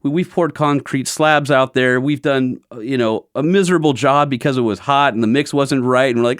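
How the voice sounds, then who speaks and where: A man hosting a podcast, telling a story in an animated way and acting out the other person's lines. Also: mid-range voice, brisk, dry recording, clean studio sound. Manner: animated storyteller who acts out quotes. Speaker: podcast host. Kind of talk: casual conversation.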